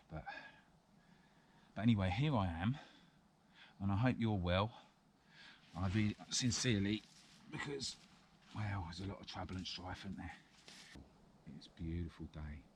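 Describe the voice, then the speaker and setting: A deep-voiced man chats his way through a woodland demonstration. He rambles, restarts his thoughts, and chuckles often. Steady outdoor noise sits clearly behind his voice. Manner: rambling and chatty, with frequent chuckles. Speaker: bushcraft vlogger. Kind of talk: casual outdoor chat and demonstration.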